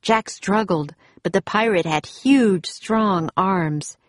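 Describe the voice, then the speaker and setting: A woman reading a children's adventure story aloud in a calm, steady manner. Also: medium pitch, slow, no echo, studio quality.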